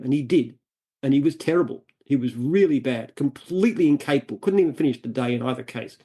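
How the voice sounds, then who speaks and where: Speaking quickly at a medium pitch, with a mellow, breathy-edged voice, this Australian man founded a franchise business. As an interview guest he's earnest and emphatic, frequently restarting and repeating phrases when he explains things.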